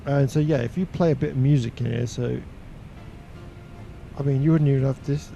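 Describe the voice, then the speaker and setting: A man chatting casually on a flight sim live stream, talkative and quick to laugh. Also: medium pitch, steady tone, creaky, mellow, soft background music. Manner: chatty, laughs easily, uses slangy exclamations.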